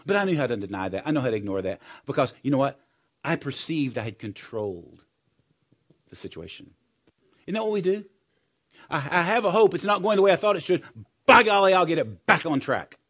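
A middle-aged man preaching a sermon to men in a conversational, personal storytelling way, swinging between loud and soft. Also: medium pitch.

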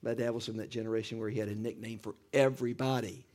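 Earnest man telling a heartfelt story. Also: lowish voice. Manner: earnest, halting with many restarts, swings from hushed to animated. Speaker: speaker sharing a personal story.

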